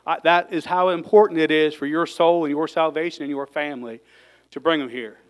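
Fervent higher-voiced man preaching. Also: steady tone, a little fast, rough recording. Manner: fervent, gets worked up, sighs and exclaims between points. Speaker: lay preacher. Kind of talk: emotional sermon.

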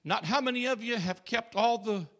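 A man preaching in a church with a very high, gravelly voice that has a bright, forceful edge. He drives an emphatic call-and-response sermon, calling out to the congregation. He swings between shouting and dropping to hushed tones. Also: moderate pace. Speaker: pastor. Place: church sanctuary.

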